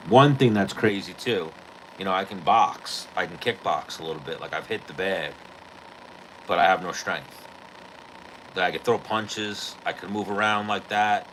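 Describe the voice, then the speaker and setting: Male podcast host, tense forceful low voice, casual profane storyteller, faint noise behind. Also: moderate pace, rough recording. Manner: rambling, profane, heavy on "like".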